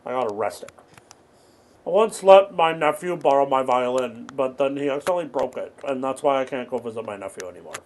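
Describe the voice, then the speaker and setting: A man in his thirties giving absurdist comedy commentary while playing a game, rambling through offbeat deadpan jokes. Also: medium pitch, a little fast. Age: 30s. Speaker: gaming video host.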